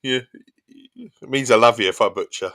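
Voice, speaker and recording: A man's voice: medium pitch, moderate pace, fairly bright tone. A man with an Essex accent chatting casually with his viewers while he plays, often laughing and poking fun at himself. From England. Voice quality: chatty and self-mocking, laughs often, reads chat aloud. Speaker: streamer. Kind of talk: casual gaming stream chat.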